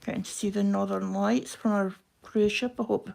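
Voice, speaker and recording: A woman with a broad Scottish accent chatting quickly and casually to viewers on a live craft stream while she stitches. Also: mid-range voice, little pitch movement, vocal fry, darkish tone. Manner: quick-talking, chatty, self-deprecating. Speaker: craft livestream host.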